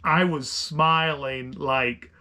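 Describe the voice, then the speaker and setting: A man's voice: fairly high pitch, very slow. A middle-aged man co-hosting a podcast, telling a story in casual chat with lots of restarts and rambling asides. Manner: animated, rambling with many restarts. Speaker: podcast co-host.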